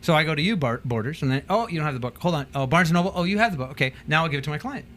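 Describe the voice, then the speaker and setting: A man talking as a business trainer and guest on a talk show, telling animated stories and acting out quotes in changing voices. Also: a little high, racing. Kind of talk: casual talk show chat.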